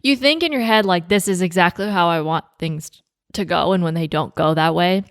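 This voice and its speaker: A woman's voice: fairly low pitch, brisk, no room sound, clean studio sound. A young woman co-hosting a podcast, chatting casually with lots of fillers, swearing and laughter. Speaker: podcast co-host. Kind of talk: casual chat.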